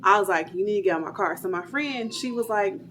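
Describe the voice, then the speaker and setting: A young woman recounting something that happened to her in a loose, chatty storytime way. Her voice sits at a middle pitch, and she keeps stringing her sentences along with little fillers. A faint hiss of noise runs under her voice. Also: fast, fairly bright tone. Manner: chatty, retells dialogue, many "like" fillers. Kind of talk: casual storytime.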